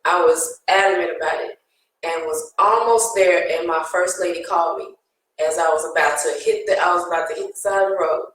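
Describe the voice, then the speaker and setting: A woman's voice: on the low side, steady tone, fairly quick, fairly bright tone. A woman on a discussion panel, telling her story in an earnest, emotional way. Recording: very echoey room.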